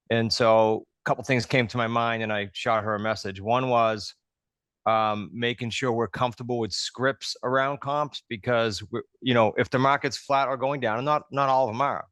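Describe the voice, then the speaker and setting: A man's voice: medium pitch, a bit bright, no room sound. A man hosting a live group coaching call, explaining things step by step in a conversational way.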